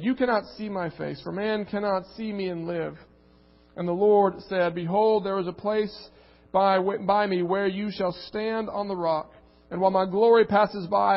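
A man's voice: high voice, creaky. A man preaching a sermon and reading scripture aloud, earnest and emphatic, repeating words as he builds a point. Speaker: pastor. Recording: muffled recording with long reverb.

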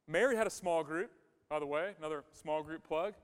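A man's voice: on the high side, fairly quick, smooth. A male pastor giving a conversational sermon, emphatic and repeating his key phrases. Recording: long hall reverb.

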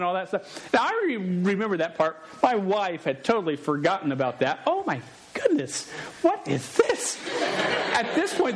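A man in his forties preaching, telling a family story with jokes, frequent stammers and restarted words. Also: high voice. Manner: stammering, joking and animated, often restarting words. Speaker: pastor. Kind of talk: sermon with a storytelling aside.

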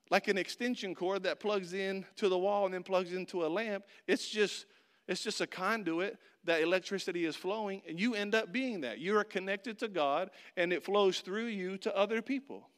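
A man's voice: sits high, clear, resonant tone. A man preaching a sermon, telling a funny story with acted-out voices and speaking directly to his listeners. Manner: animated storyteller, acts out voices and shouts; addresses the audience directly.

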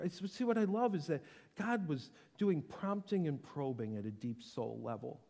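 A man preaching a sermon, impassioned, moving between hushed tones and loud emphasis. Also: a little high, lively intonation, moderate pace, gravelly. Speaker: pastor. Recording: echoing hall with long reverb.

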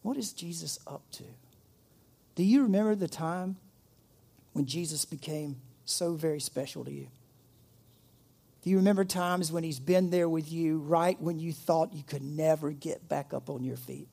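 A man's voice: a little high, moderate pace, gravelly, warm tone, husky. A middle-aged man preaching a sermon, reading scripture aloud and breaking off into playful jokes and asides. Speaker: pastor.

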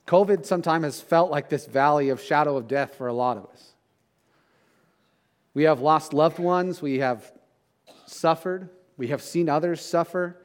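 A man's voice: on the high side, moderate pace. A middle-aged man, a pastor, preaching a sermon in a conversational way, often checking in with "right?".

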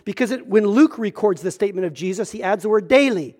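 Man, pastor, sermon, high-pitched, emphatic, earnest, church setting. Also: moderate pace. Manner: earnest, emphatic, repeats words when starting a thought.

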